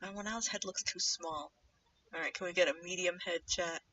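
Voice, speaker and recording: A young woman livestreaming while she animates, chatting casually in a rambling way and drifting into low muttering to herself as she draws. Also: normal speed, pushed and bright, recorded from a distance, slight background noise. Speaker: streamer animating live. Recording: dull lo-fi mic set back from the speaker.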